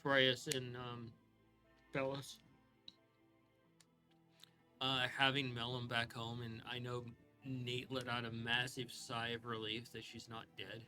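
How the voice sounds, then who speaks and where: A man's voice: mid-range voice, slow, pauses often, soft background music. A man acting as game master, recapping a tabletop session with lots of fillers before signing off. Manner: relaxed recap with many fillers.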